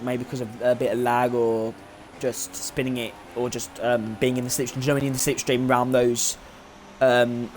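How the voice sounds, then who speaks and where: A young man doing live commentary on a sim race, rambling and joking with lots of fillers. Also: mid-range voice. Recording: faint background noise.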